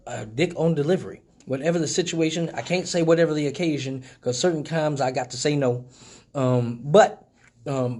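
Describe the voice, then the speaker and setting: A man's voice: on the high side, a little mellow. A man hosting a casual live stream, talking loosely and profanely, joking with viewers. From Michigan.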